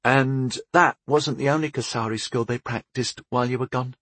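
A man voicing a brisk female captain who speaks approvingly of her young charges. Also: mid-range voice, steady tone, fairly bright tone, no echo, natural voice.

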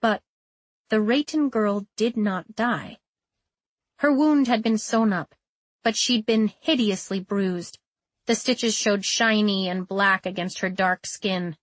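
A woman's voice: medium pitch, slow pace, dry recording. Woman narrating, close and dry. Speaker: audiobook narrator. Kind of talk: scripted narration.

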